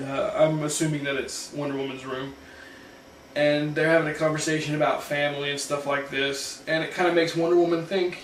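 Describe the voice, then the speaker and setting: Casual male comic host, loose rambling recap, a little high, roomy and off-mic. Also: a little hiss or hum. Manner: loose storytelling with filler words and restarts. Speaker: comic book show host. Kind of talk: casual retelling of a comic story. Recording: echoey room, mic at a distance.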